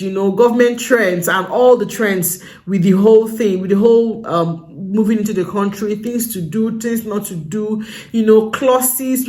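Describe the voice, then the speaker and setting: A woman's voice: mid-range voice, a little mellow. A young adult woman with a Nigerian English accent, giving casual advice in a vlog and driving home her points with emphatic repetition. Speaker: vlogger.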